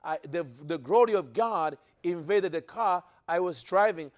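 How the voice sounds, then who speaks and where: A man's voice: sits high, a little slow. A man preaching a sermon, emphatic, repeating phrases for stress and often restarting his sentences. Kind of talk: sermon teaching to a listening audience.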